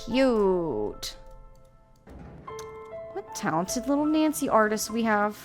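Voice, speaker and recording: Giggly woman with a lively, bouncing voice. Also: mid-range voice, slow pace. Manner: giggly, playful, chatty. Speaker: gaming streamer. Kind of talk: casual let's-play commentary. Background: faint game music.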